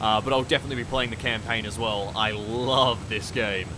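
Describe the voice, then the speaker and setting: A young Australian man giving excitable, swear-filled commentary while playing a video game. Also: fairly low pitch, fairly quick, background noise. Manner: excitable, swearing, laughing at chaos. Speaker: gaming YouTuber. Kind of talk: live gameplay commentary.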